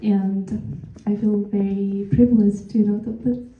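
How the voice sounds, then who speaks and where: A woman's voice: mid-range voice, steady tone, unhurried. A woman from Nepal giving a hesitant tribute to a friend. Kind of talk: casual speech. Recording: phone-like echoey sound.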